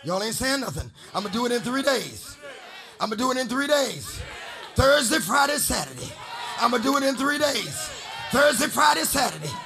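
A man's voice: very high voice, sharp tone. A man preaching a sermon as a bishop, chanting and half-singing his lines in a studio full of worshippers. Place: studio with congregation.

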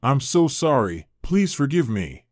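A man's voice: medium pitch, sing-song, measured pace, dry recording, clean studio sound. A man reading the lines of an awkward, nervous young man eager to please, in a hesitant, polite manner in a storybook narration.

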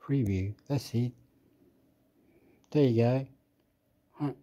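A man's voice: mid-range voice, slow pace, mellow, highs cut off. A man rambling to himself while reviewing an app, mumbling and getting annoyed at it. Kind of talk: rambling screen-recording chat.

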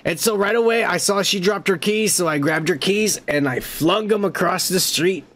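Profane, high-voiced man hosting a podcast. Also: normal speed, fairly bright tone. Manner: profane, rambling and laughing. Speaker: podcast host. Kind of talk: casual comedic storytelling.

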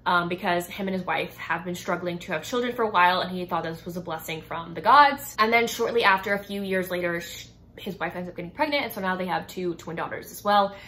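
A young woman casually recommending romance novels, gushing and excited, dropping lots of fillers and quick character asides. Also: fairly low pitch. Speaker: book reviewer. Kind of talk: casual chatty book recommendations.

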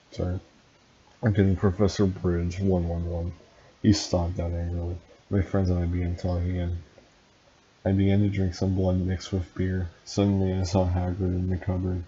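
A man with a low, dark voice reads a story in a flat monotone and cuts in with deadpan, mocking remarks. The recording is dull and lo-fi, with faint hiss underneath. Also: normal speed. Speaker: reader and commentator. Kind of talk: comedic reading with sarcastic asides.

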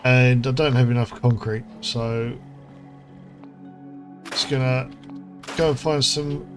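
A man's voice: mid-range voice, fairly even intonation, slow pace. A man, hosting a casual gameplay commentary, chatty and rambling, with lots of fillers and asides. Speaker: gaming channel host. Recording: music playing underneath.

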